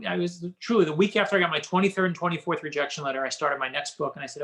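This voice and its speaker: Man, middle-aged, interview guest, animated storyteller, slightly high voice. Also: fast. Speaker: author guest.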